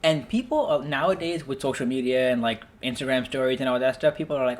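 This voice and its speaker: A young man hosting a podcast, telling animated stories in casual chat, laughing often and using many fillers. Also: medium pitch, fast. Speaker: podcast host.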